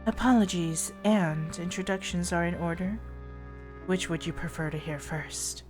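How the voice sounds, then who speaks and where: A woman voicing a calm, mysterious adult witch while reading a visual novel aloud, soft and formal. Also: lowish voice, a little slow, over music, lightly acted. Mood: cool.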